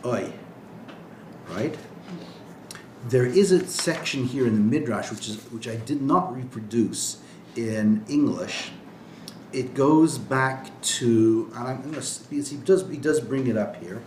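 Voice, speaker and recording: A man's voice: medium pitch, lively intonation, unhurried, a little mellow, roomy sound, slight background noise. A man, a rabbi, giving an informal classroom lecture in a conversational way, often checking in with "right?". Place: classroom with students.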